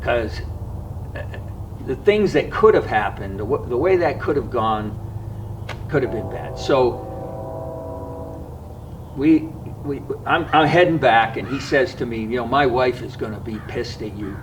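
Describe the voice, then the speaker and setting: A man of middle pitch tells a personal story in an earnest, reflective way, stopping now and then to find his words. He sounds set back from the microphone. A faint hiss of background noise runs underneath. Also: expressive, distant mic. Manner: earnest, reflective, often pausing to regather his thoughts. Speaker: fishing vlogger.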